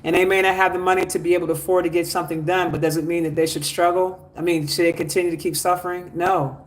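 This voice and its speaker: A man's voice: sits high, little pitch movement, quick pace. A man hosting a spiritual livestream, reading out viewer comments and urging people to like, share and donate. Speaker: spiritual teacher.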